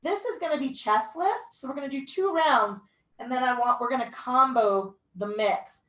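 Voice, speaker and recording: A woman's voice: sits high, moderate pace, a bit bright, recorded from a distance. Woman pilates instructor in an echoey room. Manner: encouraging cues with breath counts, occasional whoops and yawns. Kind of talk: guided workout instruction.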